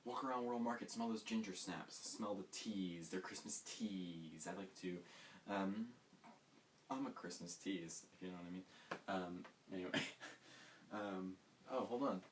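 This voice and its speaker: A man's voice: deep voice, a little slow. A man hosting a comedic monologue, rambling and mocking himself with sarcastic asides. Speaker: host. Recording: distant mic with faint hiss.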